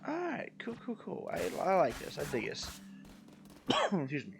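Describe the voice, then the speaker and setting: A man's voice: high-pitched, huge pitch swings, normal speed, vocal fry, over music. Chatty man streaming a game. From Maryland, USA. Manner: rambling, self-deprecating, chatty with viewers. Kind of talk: casual live-stream chat while playing.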